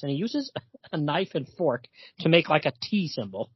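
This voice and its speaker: Husky man chatting about comics. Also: a little high, sing-song, moderate pace, no room sound, lo-fi sound. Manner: reads comic dialogue aloud with laughs. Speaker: podcast co-host. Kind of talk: casual comic book discussion.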